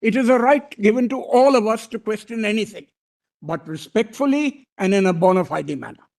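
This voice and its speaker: Older man, high voice, formal court argument, deferential, keeps saying my lord. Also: animated, fairly quick, vocal fry, a little mellow. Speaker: senior advocate arguing before a court.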